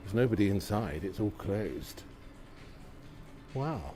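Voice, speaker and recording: Over music, a man with a fairly low voice and lively intonation takes his time as he live-streams a walk through a snowy, windy night on an iPhone mounted on a gimbal. He chats with viewers, exclaims at what he sees with gentle enthusiasm, and asks them lots of questions.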